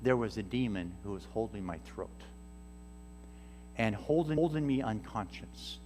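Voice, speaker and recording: A man's voice: fairly low pitch, lively intonation, moderate pace. A man preaching a storytelling sermon as a guest missionary speaker, acting out the people in his stories. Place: church sanctuary. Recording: reverberant church hall with soft music.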